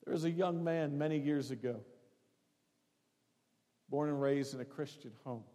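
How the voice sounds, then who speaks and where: A male pastor delivers a sermon in a high voice, pressing points with rising emphasis and then falling to quiet storytelling. His words ring out with a long reverb in a church sanctuary. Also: moderate pace. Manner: preaching with rising emphasis, drops to hushed tones for stories.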